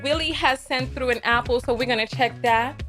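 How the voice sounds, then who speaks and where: A woman hosts a live reaction stream, reading out viewer comments. She speaks bluntly and with clear exasperation, often repeating a word several times. Her voice sits a touch high, with faint music playing behind. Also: normal speed, fairly bright tone. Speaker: livestream host.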